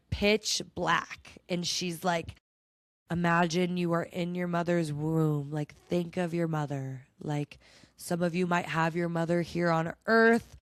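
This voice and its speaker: A woman's voice: mid-range voice, dry recording. A young woman hosting a podcast, telling a personal story in a chatty, heartfelt way with many likes and restarts. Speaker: podcast host.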